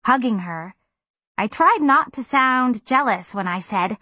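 A woman's voice: fairly high pitch, expressive, unhurried, bright, forceful tone, no room sound. A woman narrating a first-person audiobook in a wry, confiding manner.

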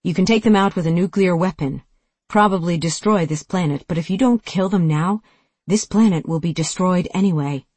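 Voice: mid-range voice, moderate pace, darkish tone, slightly rough, no echo, natural voice. A narrator doing a commanding ex-Marine woman. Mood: urgent. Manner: commanding, urgent. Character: former woman Marine, forceful and impatient.

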